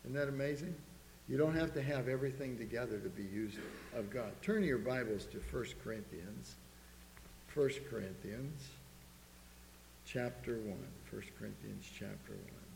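A man's voice: medium pitch, moderate pace, creaky, a little mellow. A man preaching a sermon, earnestly reading scripture aloud to a congregation in a church. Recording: echoey hall with faint hum.

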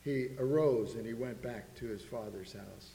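A man's voice: mid-range voice, normal speed, vocal fry, dark tone. A man preaching a sermon, earnestly reading scripture aloud to a congregation in a church. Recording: echoey hall with faint hum.

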